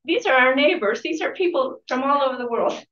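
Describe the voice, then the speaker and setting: A woman's voice: sits high, animated, fairly quick, a bit bright. A woman giving a book talk at a library, reading aloud from a memoir with chatty asides and correcting herself as she goes. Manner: conversational, corrects herself mid-sentence. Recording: distant, roomy and dull-sounding.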